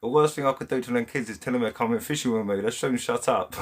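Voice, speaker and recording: With a mid-range voice and a fairly quick pace, an English-accented man hosts a relaxed live stream from his home. He chats bluntly in heavy slang, laughs often, and reads out what his viewers comment.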